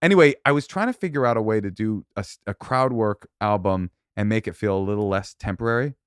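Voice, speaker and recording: A man in his forties, a comedian guest on a podcast, talking fast with quick restarts. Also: on the low side, smooth, dry recording, clean studio sound. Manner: fast, talky, self-correcting restarts. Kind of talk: casual conversation.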